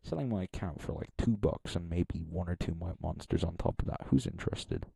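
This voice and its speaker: A man's voice: low-pitched, expressive, fairly quick, vocal fry, dark tone, breathy edge, dry recording. Young man rambling on a live stream. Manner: rambling, thinking aloud, self-deprecating. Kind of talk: casual live-stream commentary.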